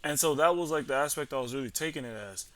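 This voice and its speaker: A man's voice: on the high side, fast talker, a bit bright, dry recording. A young man telling a story in a casual, rambling way, slangy and profane with lots of fillers. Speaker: vlogger.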